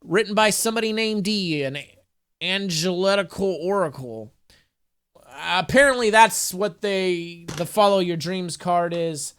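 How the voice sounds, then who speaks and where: A man's voice: high-pitched, measured pace, a bit bright, smooth. A man chatting loosely in a home vlog, joking and swearing as he reads out an affirmation card and talks to his cat. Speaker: spiritual vlogger. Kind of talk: casual rambling vlog with card reading.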